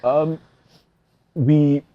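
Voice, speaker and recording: A man with a Nigerian English accent on a casual panel chat, telling stories in a lively way. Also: fairly high pitch, very slow, narrow, tinny audio, crowd noise. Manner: lively storyteller, frequent agreement sounds. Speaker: panel guest, creative.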